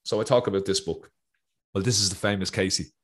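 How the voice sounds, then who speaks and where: A man with an Irish accent, hosting an interview over a video call with lively enthusiasm. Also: low-pitched, quick pace. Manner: animated, enthusiastic. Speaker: host.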